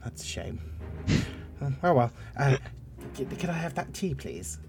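A man's voice: medium pitch, very animated, unhurried, music in the background. A man voicing a tiny, damp, frog-like male creature who is timid and polite and stammers a lot. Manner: hesitant, stammering.

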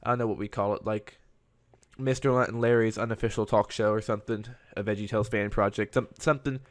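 A man with a lowish voice rambles through a solo podcast episode in a loose, chatty way. His delivery stays fairly flat, with little rise and fall. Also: quick pace. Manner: rambling and conversational. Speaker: podcast host. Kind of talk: casual solo podcast monologue.

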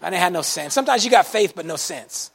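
A man preaching a sermon to a congregation, telling folksy stories in an animated way and breaking into shouts now and then. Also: high voice, quick pace, gravelly. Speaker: pastor. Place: church service before a congregation.

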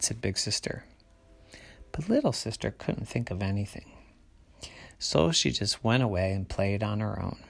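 Bedtime-story narrator, male, hushed and half-whispered, slow and gravelly. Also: fairly low pitch, animated. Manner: soft, often whispered, hushed.

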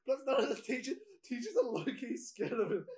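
Very high-voiced, animated young man. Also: a little fast, roomy sound, distant mic, a crowd in the background. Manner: animated, laughing, swearing storyteller. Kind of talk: casual chat, storytelling.

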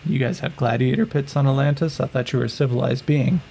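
A man doing a blunt young Kansas guy, crude, hesitant, swears, slightly gravelly voice, tabletop game character. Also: mid-range voice, steady tone, fast, dark tone, a little hiss or hum, natural voice, poor audio. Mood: incredulous.

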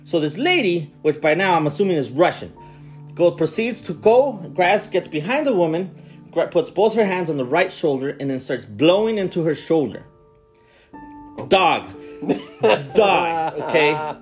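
On a casual movie recap chat, a podcast co-host retells a strange film scene by scene, animated, incredulous and swearing along the way. His voice is a little high and his pace measured, with faint music behind him.

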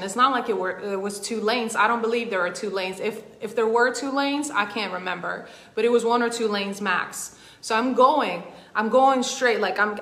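Woman coach, bright voice, rambling conversational storyteller, roomy echo. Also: mid-range voice. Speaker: emotional intelligence coach. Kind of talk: personal story told in a masterclass.

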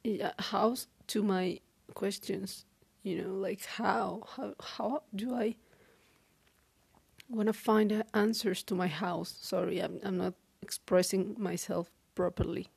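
A woman talking through a halting, weary personal diary monologue, with many restarts. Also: medium pitch, steady tone, vocal fry, darkish tone, slightly rough, no echo. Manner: weary, downcast. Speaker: podcaster.

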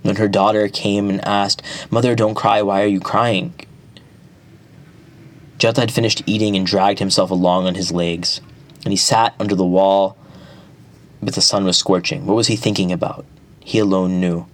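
A man narrating an epic folk tale at a measured pace, with small restarts. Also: low-pitched, level tone. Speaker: storyteller.

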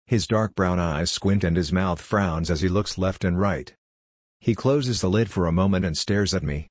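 A man narrating a story in an even, measured reading. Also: low-pitched, no room sound, studio quality. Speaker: audiobook reader.

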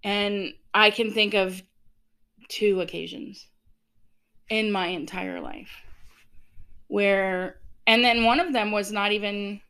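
Podcast co-host, woman, 50s, bright and candid, laughs a lot. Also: mid-range voice, steady tone, takes it slowly, gravelly, long pauses, clear, resonant tone. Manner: candid, laughs often, acts out past dialogue. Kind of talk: casual chat.

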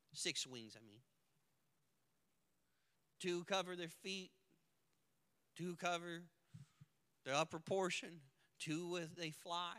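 A man preaching a sermon with dramatic swings from hushed to shouting, recorded in a church sanctuary. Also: sits high, clear, resonant tone. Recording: long hall reverb.

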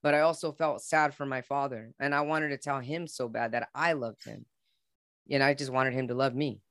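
A man's voice: medium pitch, fairly even intonation, moderate pace, a bit bright, no room sound. Earnest man telling his story, dry sound. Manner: earnest and openly emotional. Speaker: podcast guest. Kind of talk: heartfelt personal storytelling.

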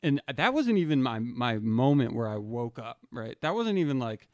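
A man's voice: mid-range voice, very animated, moderate pace, no echo, highs cut off. A young man telling a personal story casually, rambling and slangy, saying "dude" often and restarting his sentences.

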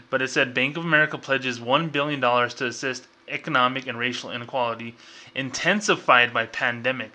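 A man's voice: medium pitch, sharp tone. A man hosting his own show, ranting in a casual, exasperated and sarcastic way, full of fillers and restarts. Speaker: podcast host.

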